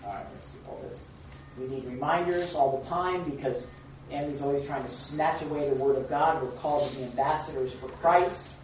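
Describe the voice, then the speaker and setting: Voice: medium pitch, fairly quick, darkish tone. A Bible study leader teaching informally, talking with the group, asking rhetorical questions and sometimes acting out little scenes in a raised voice. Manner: conversational, full of rhetorical questions. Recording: echoey room, far off, dull and faint hiss.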